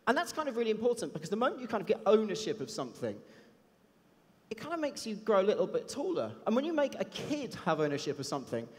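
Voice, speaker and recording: A man giving a chatty, self-deprecating anecdotal talk on a conference stage. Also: high-pitched. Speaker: conference speaker. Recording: long hall reverb.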